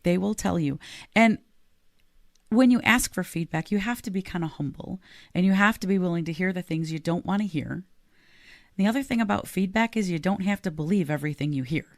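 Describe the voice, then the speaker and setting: A woman's voice: medium pitch, creaky, dry recording, clean studio sound. A woman podcast co-host and leadership coach, talking casually and earnestly and laughing easily.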